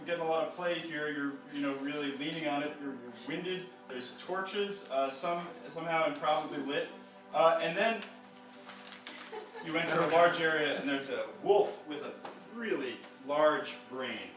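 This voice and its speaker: A man leads a live, interactive story reading, rambling and playful, with constant fillers and restarts. His voice sits fairly high for a man. The recording is heavily echoey and distant, with music underneath. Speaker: storyteller and comics reader. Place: live performance venue.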